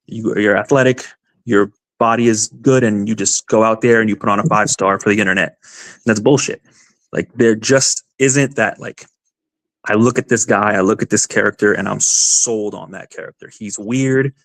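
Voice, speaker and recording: A man's voice: lowish voice, a bit bright, dry recording. A man, a wrestler guest on a podcast, talking passionately over a video call, with lots of fillers. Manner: passionate, rambling with many fillers. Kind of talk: casual podcast chat.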